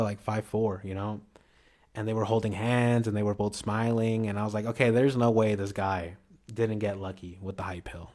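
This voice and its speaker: A man talks straight to the camera in a loose, rambling monologue. His voice sits a little low, and his slangy talk is full of false starts and "you know". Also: a little mellow. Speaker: vlogger.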